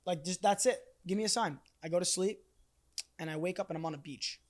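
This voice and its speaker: A man's voice: high voice, fairly quick. A young man guesting on a podcast, telling a story casually and animatedly, with swearing and lots of fillers.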